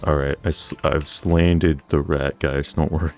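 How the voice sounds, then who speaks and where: A man's voice: a bass voice, level tone, measured pace, soft background music. A young man chatting casually over gameplay, rambling with lots of filler words. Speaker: gaming channel host.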